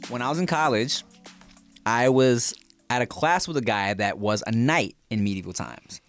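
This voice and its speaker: A man's voice: medium pitch, normal speed, a bit bright, faint music behind. A man co-hosting a podcast, telling stories in casual chat, swearing freely and slipping into playful put-on voices. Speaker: podcast co-host.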